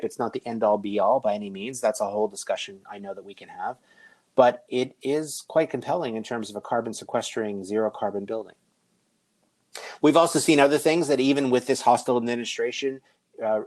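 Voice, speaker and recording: Speaking in a mid-range, darkish voice, a middle-aged conference speaker gives a keynote presentation. He keeps it conversational, slipping in jokes along the way.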